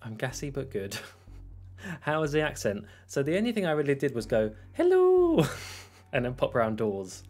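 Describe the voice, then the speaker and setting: A man talks casually into a desk microphone while streaming a game, wandering from topic to topic. His voice sits at an ordinary middle pitch, and he chuckles easily as he answers chat questions. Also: animated, moderate pace, faint music behind. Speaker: gaming streamer.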